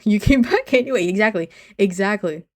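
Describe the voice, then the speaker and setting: A woman's voice: medium pitch, animated, brisk. A woman streamer chatting casually with her viewers in a teasing, giggly way, often saying she's only kidding.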